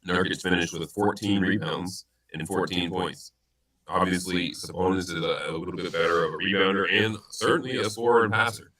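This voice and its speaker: A man's voice: low voice, fairly even intonation, a little fast, sharp tone, rough recording. A man co-hosting a casual sports betting stream, rambling through his picks with lots of fillers and restarts. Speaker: sports betting show co-host. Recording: stream audio, sometimes robotic-sounding.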